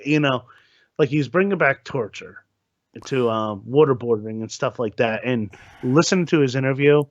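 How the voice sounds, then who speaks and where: A man from New Jersey co-hosting a casual podcast, talking haltingly and repeating his words. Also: mid-range voice, no echo, dull audio. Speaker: podcast co-host. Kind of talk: casual chat.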